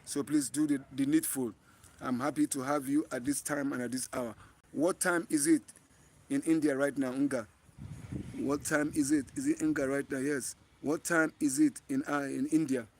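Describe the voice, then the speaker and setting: A man's voice: mid-range voice, steady tone, moderate pace. A man with a Nigerian accent hosting a live stream outdoors, talking earnestly to viewers and often repeating and restarting his phrases. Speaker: livestream host. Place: outdoors in bright sun.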